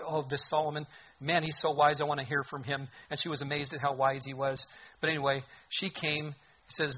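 A man preaching a sermon in an animated way, with sudden loud bursts and mocking asides. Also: fairly high pitch, slightly rough, muffled recording. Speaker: pastor.

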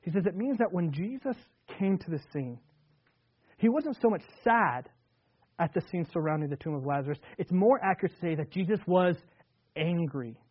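A man preaching an earnest sermon in a slightly high voice, leaning hard on key words and then sinking into hushed, quiet tones. The sound is thin and tinny, like a phone-line radio broadcast. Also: animated, normal speed. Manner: earnest, repetitive restarts, swings between loud emphasis and hushed tones. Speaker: pastor.

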